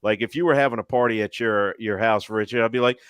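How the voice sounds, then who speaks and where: A low-voiced man spinning jokey stories and teasing his co-panelists on a casual live chat. His talk is profane and playful. The sound is dry and close. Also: fast, fairly bright tone, clear, resonant tone, no echo. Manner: joking storyteller, teasing and profane.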